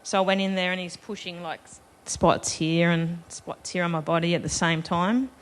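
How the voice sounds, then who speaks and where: Woman telling a story on stage, slightly low voice. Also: fairly even intonation, moderate pace. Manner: chatty, self-deprecating, laughs while telling. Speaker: festival panel speaker. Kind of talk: storytelling to a live audience. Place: live festival stage.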